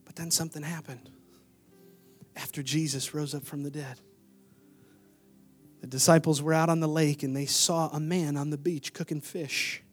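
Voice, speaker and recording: High-voiced male pastor preaching dynamically. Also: fairly even intonation, moderate pace, long pauses, faint music behind. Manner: dynamic preaching, swinging from loud bursts to hushed near-whispers. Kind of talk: sermon. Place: church sanctuary.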